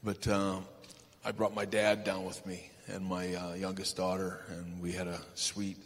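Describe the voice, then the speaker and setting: A man being interviewed on a live stage, telling anecdotes in a rambling, halting way with lots of fillers and chuckles. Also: deep voice, monotone. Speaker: guest. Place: large event hall stage. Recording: reverberant hall, faint ambience.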